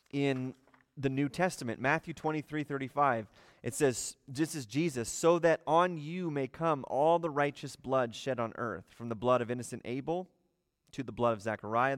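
A man's voice: mid-range voice, dry recording, long reverb tail. A man teaching a livestreamed Bible study, explaining verses and often asking rhetorical questions.

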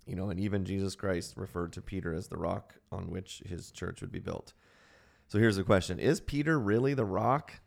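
Gravelly-voiced male podcast host. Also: low voice, normal speed. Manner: jokey, laughs often, reads listener questions aloud. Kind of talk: casual chat.

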